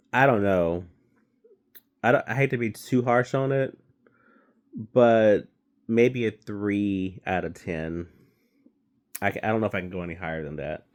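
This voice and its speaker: A man giving a casual, rambling movie review, swearing freely and stumbling through fillers and restarts. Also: on the low side.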